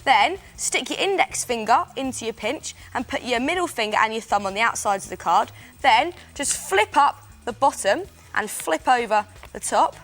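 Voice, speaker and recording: A woman's voice: on the high side, animated, normal speed, a bit bright, faint music behind. A woman presenting a children's craft show, explaining steps in an upbeat, chatty way. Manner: chatty, enthusiastic, step-by-step explaining.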